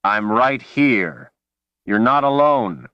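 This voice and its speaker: A man's voice: lowish voice, slow, no echo, highs cut off. A man reading a desperate, pleading young man. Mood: urgent. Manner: urgent, pleading, then calm and steady. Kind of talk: audiobook character reading.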